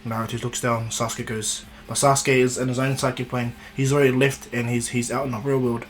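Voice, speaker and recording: A man tells an improvised fan story in a relaxed, rambling manner, with a middle-pitched voice. Quiet guitar music plays underneath. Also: fairly quick, rough recording. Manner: casual, rambling, with fillers and restarts.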